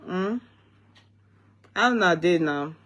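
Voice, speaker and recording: A woman's voice: fairly low pitch, expressive, extremely slow, a bit bright. A woman, hosting a casual live stream, talking to viewers while she is tired and yawning. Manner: chatty, addresses viewers directly.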